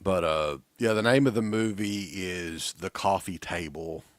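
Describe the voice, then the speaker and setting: A man's voice: deep voice, a little slow, no echo. A man co-hosting a livestream, chatting loosely about movies and swearing casually. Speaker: co-host of a horror movie livestream. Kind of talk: casual chat.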